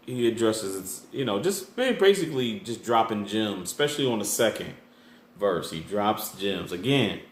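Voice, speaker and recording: A man's voice: fairly low pitch, fairly bright tone. A man hosting his channel, chatting casually through an album track by track, loose and full of fillers and restarts. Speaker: music reviewer, channel host. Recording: echoey room with faint background noise.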